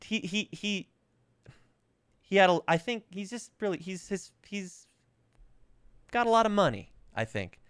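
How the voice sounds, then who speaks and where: Here a man in his thirties with covid coughs his way through a podcast of crude, funny stories told in easy chat. His voice is high and clean, unhurried, with long pauses, and there's no room sound. He stays animated, acting out the voices of anyone he quotes.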